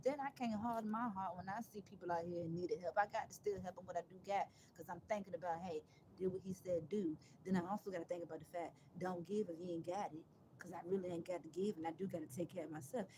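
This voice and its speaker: A woman talking on a casual live stream, emphatic and sarcastic, rambling and restarting her phrases, with loud outbursts and quiet asides. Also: on the low side, fast talker, background noise. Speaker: livestreamer.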